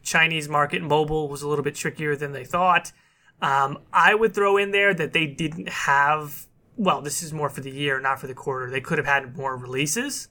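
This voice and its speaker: A man talks shop about video games in an easy, chatty way, often laughing and slipping into little acted-out quotes. His voice sits a touch high and sounds bright and clear. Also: fairly even intonation, normal speed. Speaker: podcast co-host. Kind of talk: casual chat.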